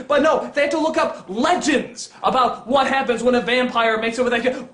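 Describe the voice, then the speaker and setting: A man giving a comedic film review, exasperated and swearing, swinging between mutters and shouts. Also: very high voice, moderate pace, roomy sound. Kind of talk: ranting comedic movie review.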